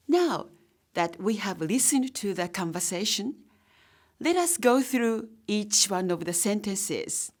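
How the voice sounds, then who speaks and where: Slow, lively-voiced woman teacher. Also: medium pitch. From Japan. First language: Japanese. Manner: slow, deliberate, explaining each word. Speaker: language teacher. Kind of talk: scripted lesson narration.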